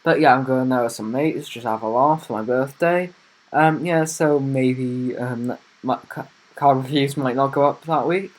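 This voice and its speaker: A man's voice: mid-range voice, moderate pace. A young man hosting a casual car review vlog, talking in a rambling, chatty way with plenty of fillers.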